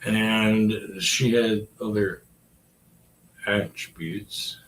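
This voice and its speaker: A man's voice: fairly low pitch, fairly even intonation, drawn-out words, a bit bright, slight background noise. A man in his forties rambling in a casual, profane chat and talking to his dog. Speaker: vlogger.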